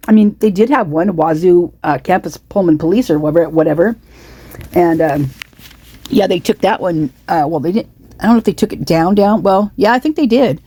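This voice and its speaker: A woman's voice: lowish voice, expressive, fairly quick, warm tone, slightly rough, no room sound. A woman with the hiccups giving casual true-crime commentary, indignant and rambling, full of restarts and repeated words. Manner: indignant, repetitive, many restarts and asides. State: has the hiccups.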